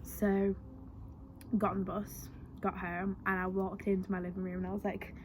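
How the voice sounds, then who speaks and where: A woman's voice: lowish voice, flat delivery, normal speed, slight background noise. A young woman in a personal vlog, telling her story in a chatty, earnest way with lots of fillers. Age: young adult.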